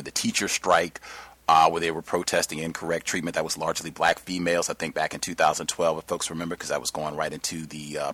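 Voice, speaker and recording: A man hosting a radio talk show, speaking emphatically and slowing down to stress key words. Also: low voice, a bit bright, no room sound.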